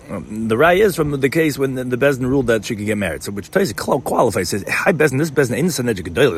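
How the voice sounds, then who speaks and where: A Talmud teacher with a fairly low voice explains a passage in class, rapidly reading out Hebrew-Aramaic terms and translating them into English, often repeating words as he goes. There is slight background noise.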